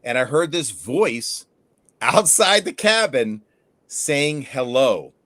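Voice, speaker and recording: A man hosting a casual fishing livestream, telling stories with lively energy and casual swearing. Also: fairly high pitch, slow pace, no room sound. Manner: animated storyteller, swears casually. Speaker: fishing show host.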